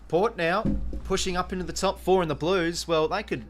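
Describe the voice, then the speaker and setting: Running a live watch-along, this young Australian man calls the game casually, breaking into excited bursts and dropping the odd mild curse word. His voice is high-pitched and his pace is normal.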